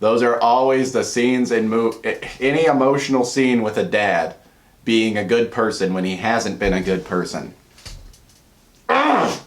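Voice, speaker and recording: Earnest, rambling low-voiced man. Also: steady tone, moderate pace. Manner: earnest, rambling, drops soft and quiet when emotional. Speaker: YouTuber. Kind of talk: casual commentary vlog.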